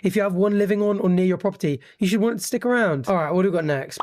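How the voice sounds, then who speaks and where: A man's voice: high-pitched, rapid-fire, a little mellow. A man narrating a reaction video with dry, sarcastic jokes. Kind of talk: scripted commentary with jokes.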